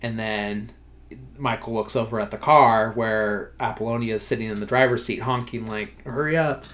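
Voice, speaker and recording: A man's voice: lowish voice, fairly even intonation, normal speed, fairly bright tone. Rambling, filler-heavy man retelling a movie. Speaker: podcast host. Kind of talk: casual movie recap.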